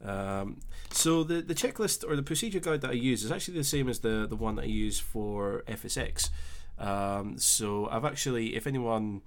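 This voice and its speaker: A young man with a Scottish accent hosting a casual live stream, chatting easily and reading out viewer comments with relaxed filler pauses. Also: medium pitch. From Scotland. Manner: chatty and easygoing, thinking aloud with filler pauses.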